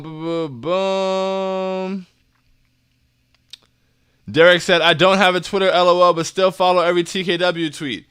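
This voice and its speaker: Hyped young man with a bright, crisp voice. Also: on the high side. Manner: hyped, slangy, drops to soft and earnest. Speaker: fan show host reading chat. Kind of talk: casual livestream chat.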